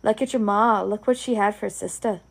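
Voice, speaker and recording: Woman reading as Hagrid, a gruff Scots giant. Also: medium pitch, steady tone, normal speed. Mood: explaining. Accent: Scottish. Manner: rambling, homely Scots speech. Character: big gruff kindly male groundskeeper giant.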